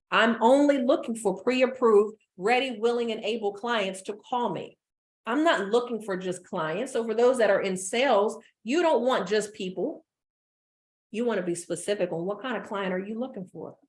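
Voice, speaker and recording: A woman business coach giving an energetic motivational talk, repeating phrases for emphasis. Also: mid-range voice, normal speed.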